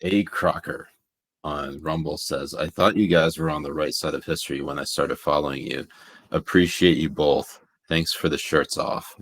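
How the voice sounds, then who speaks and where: Deep low guy on a livestream, reads the chat out loud, jokes and laughs a lot. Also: steady tone, moderate pace. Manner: jokey, laughs while reading viewer comments aloud. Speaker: co-host reading viewer chat.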